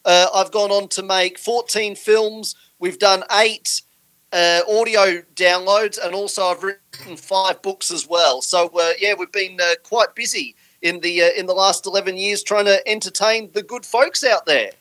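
Bright-voiced Australian man, relaxed. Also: sits high, a little slow, low-quality recording. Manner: relaxed, joking, says "uh" often. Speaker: filmmaker guest. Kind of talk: casual interview answers.

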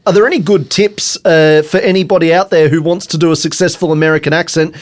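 A man's voice: fairly high pitch, steady tone, fast. A man hosting an interview, chatty and teasing, asking long rambling questions. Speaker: interview host. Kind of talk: casual interview chat.

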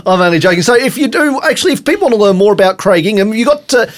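High-voiced teasing male host. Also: lively intonation, very fast. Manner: chatty, teasing, asks rambling questions. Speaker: interview host. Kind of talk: casual interview chat.

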